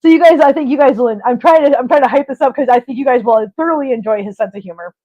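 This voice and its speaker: A woman's voice: sits high, quick pace. A middle-aged woman hosting a casual livestream chat, telling stories in a chatty way and laughing often. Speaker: host. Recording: dull lo-fi stream audio.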